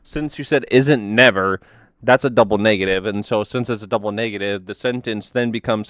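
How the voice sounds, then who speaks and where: A man's voice: on the low side, brisk, fairly bright tone, no echo, clean studio sound. A man hosting a reaction video, talking casually in a rambling, sarcastic way with lots of "like".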